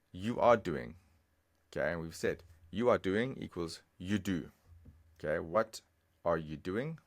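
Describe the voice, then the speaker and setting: Deep gravelly guy teaching a lesson, patient, repeats stuff slow, keyboard clicking behind. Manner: patient, repeats phrases slowly, explains step by step. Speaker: language teacher. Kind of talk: screen-recorded language lesson.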